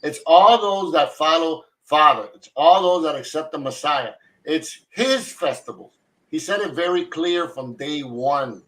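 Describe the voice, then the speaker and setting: A man's voice: on the high side, animated, a little slow, a bit bright, low-quality recording. A man hosting a live online Torah study, talking fervently in a casual way and often repeating himself. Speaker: host of a Torah study broadcast. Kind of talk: casual Bible study discussion.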